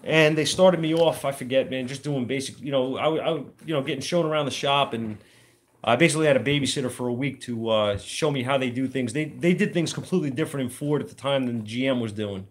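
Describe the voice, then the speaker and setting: A man's voice: medium pitch, quick pace. A man who works as an auto mechanic, telling a rambling story from his working life in a casual, plainspoken way, using trade slang. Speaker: auto mechanic and shop owner.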